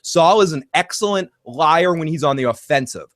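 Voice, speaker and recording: Rambling, higher-voiced man host. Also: animated, moderate pace, a bit bright, no room sound, studio quality. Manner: rambling, repeats words as he restarts. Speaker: host reading live chat. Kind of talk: casual TV recap chat.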